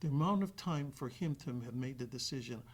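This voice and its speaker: A man telling a story in a casual podcast chat, animated and often restarting his sentences. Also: medium pitch, brisk, slightly rough. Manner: animated, acts out quoted voices, trails off and restarts.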